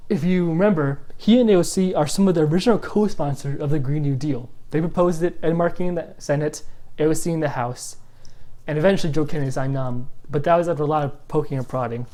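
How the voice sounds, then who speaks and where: Blunt, impassioned vlogger with a mellow voice. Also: mid-range voice. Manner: blunt and impassioned, with quick asides. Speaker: host of an environmental channel. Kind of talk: opinionated political vlog.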